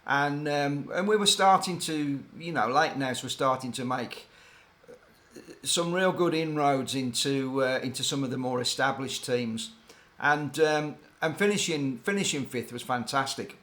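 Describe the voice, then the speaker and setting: An older man recounts his years working with a racing team, speaking casually and wandering off into side stories. He pauses often and loses his thread, with a voice of ordinary middle pitch. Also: a bit bright. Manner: rambling, digressive, hesitant. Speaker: former racing team mechanic telling stories. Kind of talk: casual anecdotal storytelling.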